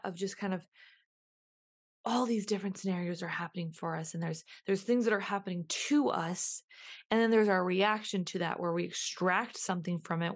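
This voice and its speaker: A woman hosting a reflective solo podcast, musing aloud and repeating questions to herself as she works through her thoughts. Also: mid-range voice. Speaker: podcast host.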